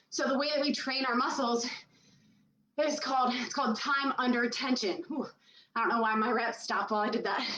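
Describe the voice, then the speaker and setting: A woman's voice: sits high, a bit bright, roomy sound, distant mic, lo-fi sound. Breathless woman coaching a workout. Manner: breathless, puffing while exercising. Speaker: fitness coach. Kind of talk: workout instruction.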